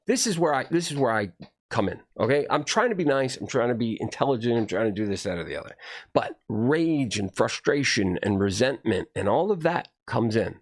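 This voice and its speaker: A man delivering a rambling, profane monologue to camera, swinging between low muttering and heated outbursts. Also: creaky. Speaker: video host.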